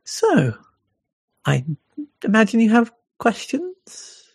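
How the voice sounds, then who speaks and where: An unsettling woman who has haunted an abandoned park for years, sweet-voiced and gently coaxing, as a game master puts her on. Her voice sits higher and is soft and persuasive, recorded dry and close. It is a tabletop role-play character voice. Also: huge pitch swings, slow pace, slightly rough, no echo, full character voice.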